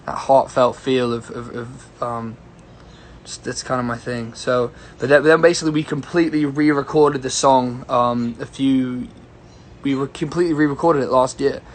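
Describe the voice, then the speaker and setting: Young male singer-songwriter, casual and rambling, mid-pitched, phone livestream chat. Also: steady tone, moderate pace, slight background noise. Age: young adult. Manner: rambling and easygoing, greeting viewers by name. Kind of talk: casual livestream chat answering viewer questions.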